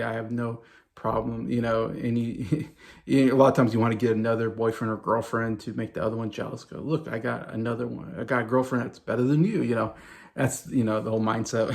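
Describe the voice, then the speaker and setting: Gravelly enthusiastic male music vlogger. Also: medium pitch. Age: around 40. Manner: enthusiastic, rambling, many fillers and restarts. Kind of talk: casual talk to camera.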